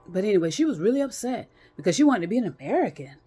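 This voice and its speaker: A woman's voice: mid-range voice, big pitch swings, very fast, warm tone, husky. A woman talking casually to her viewers from a chair at home, rambling with many restarts and fillers and swearing bluntly. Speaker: vlogger. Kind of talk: casual monologue to camera. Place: small room at home, in a chair.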